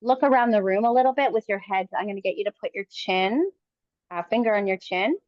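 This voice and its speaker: Calm woman kettlebell coach. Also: mid-range voice, no room sound, lo-fi sound. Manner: calm encouraging cues, often pausing between short phrases. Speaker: fitness coach. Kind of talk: live coaching cues during a workout.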